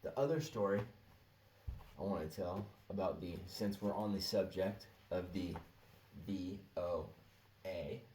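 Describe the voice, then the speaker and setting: A laid-back man tells a long story in a slow, slangy drawl and laughs often. His voice sits a little low, and he is heard from a short way off the mic in an echoey room. A faint ambient hum runs behind him. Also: darkish tone, recorded from a distance. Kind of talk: casual storytelling monologue.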